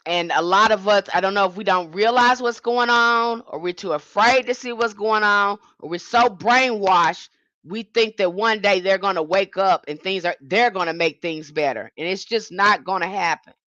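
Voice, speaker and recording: A woman's voice: medium pitch, normal speed, pushed and bright, no room sound, dull audio. A woman hosting a livestream, giving an impassioned monologue with emphatic, indignant restarts. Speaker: livestream host.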